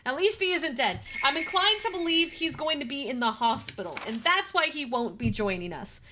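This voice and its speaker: A woman's voice: high voice, expressive, moderate pace, background noise. Chatty young woman game streamer. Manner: chatty, swears freely. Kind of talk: casual live-stream chat and story reading. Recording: music playing behind the voice. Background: background music.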